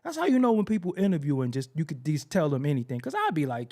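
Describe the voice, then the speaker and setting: A man's voice: fairly high pitch, wildly swooping pitch, fast, darkish tone. A man hosting a hip-hop commentary show, ranting brashly with profanity and frequent laughter. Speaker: host.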